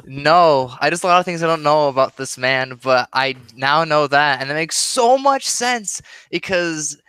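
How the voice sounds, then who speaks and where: A man's voice: a little high, expressive, a little slow, sharp tone, smooth, no echo. A man with a Midwestern, Chicago-area accent, chatting casually on a live stream, rambling and laughing often. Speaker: streamer and YouTuber.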